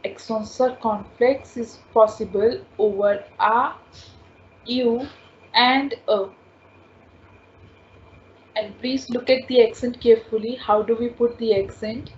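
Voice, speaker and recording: A woman teaches a language class in a slow, patient way, repeating each sound and rule several times. Her voice sits a little high for a woman. The recording is dull and lo-fi, with a faint hiss behind her. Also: steady tone. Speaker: French teacher.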